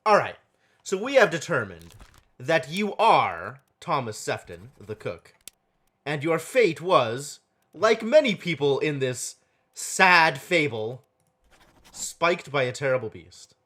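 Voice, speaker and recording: A man streaming a game live, puzzling aloud in an animated, exclaiming way on a desk microphone. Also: a little high, slow.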